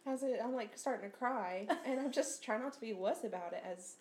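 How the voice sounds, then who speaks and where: A woman's voice: on the high side, brisk, darkish tone. A young adult woman, a nurse and podcast co-host, telling a funny story in casual chat with frequent laughter. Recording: roomy recording with faint noise.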